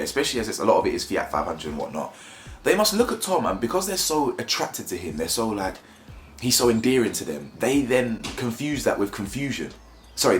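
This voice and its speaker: A man's voice: lowish voice, roomy sound. A man giving a blunt, mocking, slangy review of a reality show in casual commentary.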